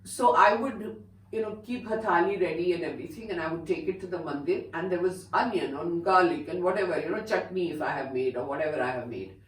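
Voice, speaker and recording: Brief: older Indian woman, lowish voice, gentle chatty storyteller, mic set back in an echoey room. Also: fairly quick, far from the mic. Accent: Indian English. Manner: gentle, chatty, frequent "you know". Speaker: spiritual teacher telling her own story. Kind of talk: casual storytelling to viewers.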